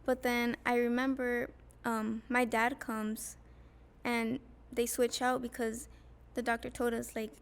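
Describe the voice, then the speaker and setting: A young woman telling her own story in a casual podcast conversation, speaking softly and haltingly with many fillers. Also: on the high side, flat delivery, vocal fry, smooth. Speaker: guest sharing her story.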